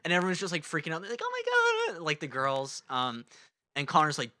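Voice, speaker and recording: A man's voice: fairly high pitch, quick pace, sharp tone, dry recording. A young man co-hosting a podcast, telling a rambling story in casual chat, swearing and acting out the voices of the people in it. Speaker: podcast co-host.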